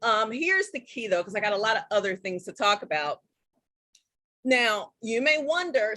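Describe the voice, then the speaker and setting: A woman hosting a casual live-stream tutorial, chatty and excitable, talking straight to her viewers. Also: fairly high pitch, moderate pace, dry recording. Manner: chatty and excitable, addresses viewers as guys and y'all. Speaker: live-stream host teaching Zoom tips.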